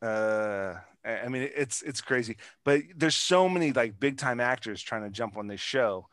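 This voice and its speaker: A man's voice: mid-range voice, normal speed, a bit bright, clean tone, no echo, studio quality. A man in casual chat, rambling and swearing, with many restarts and fillers.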